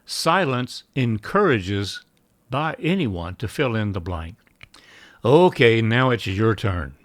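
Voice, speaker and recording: A man giving a measured sales training talk, acting out short sample lines between buyer and seller. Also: lowish voice, big pitch swings, dry recording. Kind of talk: instructional talk.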